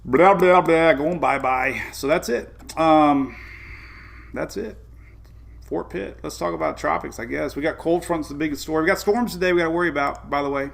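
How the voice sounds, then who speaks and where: A man's voice: fairly high pitch, fast, creaky, hardly any pauses. A man with a Southern US accent hosting a casual weather live stream, rambling and greeting viewers by name. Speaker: weather show host.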